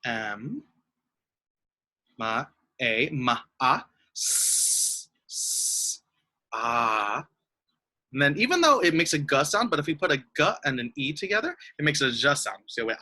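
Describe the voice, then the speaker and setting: A young man teaching young children in an online lesson, speaking slowly in a sweet, sing-song way. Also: medium pitch, pushed and bright, breathy edge, low-quality recording.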